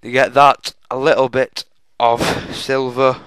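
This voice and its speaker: A man's voice: mid-range voice, level tone, a little slow, fairly bright tone, clear, resonant tone, no echo, low-quality recording. A young man giving chatty, self-mocking walkthrough commentary on a game, often addressing viewers as folks. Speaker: gaming channel host.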